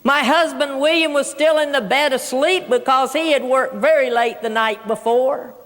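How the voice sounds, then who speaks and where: A keynote speaker with a high, fairly bright voice, talking at normal speed, tells humorous stories to a large audience in a big auditorium. Her folksy style has her calling everyone folks, and the recording carries a long hall reverb.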